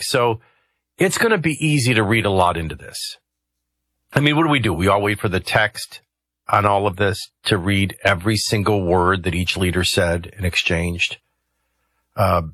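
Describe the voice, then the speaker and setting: Talk radio host, male, forceful and husky delivery, conversational commentary full of asides. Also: fairly low pitch, no echo. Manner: conversational, rambling asides with hesitations.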